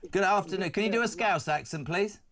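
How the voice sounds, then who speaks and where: Loud-mouthed radio host guy, high voice, jokes around, strong opinions. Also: a little fast. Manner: brash, jokey, opinionated. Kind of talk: lively radio phone-in chat.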